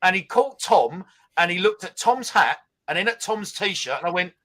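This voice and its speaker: Man, higher-pitched voice, lively storyteller, casual podcast chat. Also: moderate pace, poor audio. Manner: animated storytelling, laughing at his own tale. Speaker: co-host.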